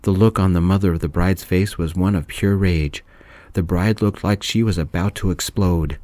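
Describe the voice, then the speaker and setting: Soft-spoken male narrator, very low deep voice, dry close sound. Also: fairly even intonation, moderate pace, no echo. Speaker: storyteller.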